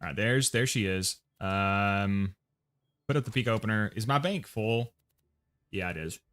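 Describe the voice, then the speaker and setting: A man's voice: on the low side, measured pace, fairly bright tone. A man with an American accent casually talking to himself and reading chat while setting up a game loadout on a livestream. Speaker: streamer.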